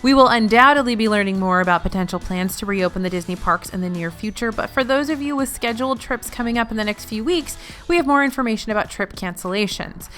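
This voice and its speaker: A woman's voice: on the high side, animated, fast, few pauses, a bit bright, soft background music. A woman hosting a weekly news roundup, reading in a news-anchor style with playful asides. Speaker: news host.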